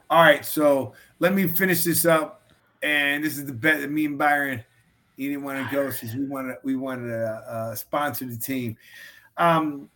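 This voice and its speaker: A man's voice: medium pitch, sharp tone. A man hosting a casual sports chat over a video call, rambling with restarts. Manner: rambling, restarts, reads a quote haltingly. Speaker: podcast host.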